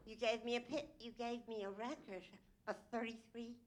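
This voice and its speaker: A woman with a fairly high voice, chatting with a host at a live show. She tells her story in a giggly way and hams it up. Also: steady tone, moderate pace. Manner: chatty and giggly, a self-declared ham. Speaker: audience member. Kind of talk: telling a story to a stage host. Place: live venue with an audience.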